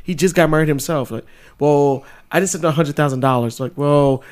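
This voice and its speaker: A man co-hosting a podcast, telling animated personal anecdotes in casual slang and laughing often. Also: fairly high pitch, fairly quick. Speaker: podcast co-host. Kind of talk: casual chat.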